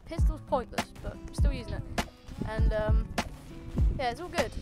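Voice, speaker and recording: A woman hosting a gaming channel, giving excitable, playfully cocky commentary while she plays. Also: on the high side, normal speed. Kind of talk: live gameplay commentary. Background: loud game music and gunfire.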